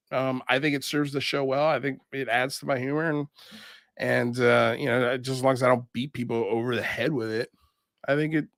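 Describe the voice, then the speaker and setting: A man's voice: medium pitch, no echo, studio quality. A man hosting a livestream, reading chat comments and rambling casually with lots of fillers. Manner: rambling, animated, frequent fillers and laughs. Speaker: show host reading live chat.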